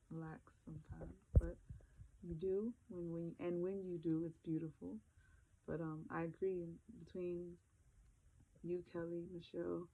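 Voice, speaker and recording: Crying woman vlogging on her phone, halting and gravelly, tinny phone sound. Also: low-pitched. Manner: tearful, halting, many fillers and soft laughs. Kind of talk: emotional casual phone vlog. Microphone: handheld phone.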